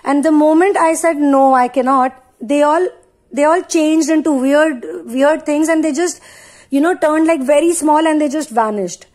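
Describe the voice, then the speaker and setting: A woman's voice: sits high, moderate pace, a little mellow. A woman giving a spiritual channeling talk, speaking in emphatic, repetitive affirmations and casual asides with frequent fillers.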